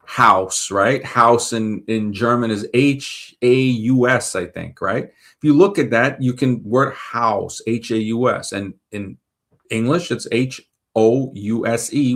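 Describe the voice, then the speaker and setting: A man's voice: mid-range voice, slow pace. A man from Brooklyn, hosting a show and talking casually, rambling and thinking aloud as he checks facts mid-sentence. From Brooklyn, New York. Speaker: show host. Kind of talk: casual monologue.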